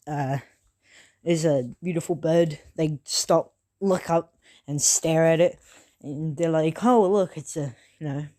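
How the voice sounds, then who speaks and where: A person improvising a fan-fiction story at home in a loose, unscripted way, stopping often to correct themselves. The talk is casual and peppered with swearing, and the pitch sits in a middle range. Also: darkish tone. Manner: rambling, loose and unscripted, full of self-corrections.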